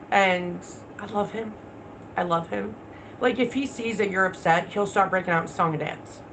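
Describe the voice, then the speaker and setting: Over background noise, a woman with a medium-pitched voice hosts a casual livestream. She's blunt and swears plenty, talking back to viewer comments as they come in.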